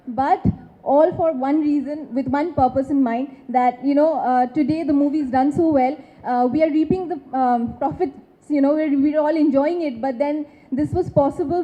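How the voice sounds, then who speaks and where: A woman from West Bengal, an actress, giving emphatic, effusive thanks at a film launch. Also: sits high. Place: film launch event stage. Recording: dull lo-fi sound.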